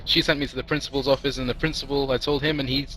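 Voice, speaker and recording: A man's voice: medium pitch, flat delivery, very fast, a bit bright, a little hiss or hum, close to an everyday voice, poor audio. A man telling of an earnest put-upon schoolboy. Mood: explaining. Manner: retells the same story matter-of-factly.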